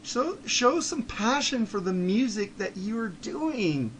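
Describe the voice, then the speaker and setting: High-voiced man ranting bluntly. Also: very animated, takes it slowly, a little hiss or hum. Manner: blunt, profane, heated, swings between low muttering and shouting. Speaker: podcast host. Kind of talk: ranting monologue.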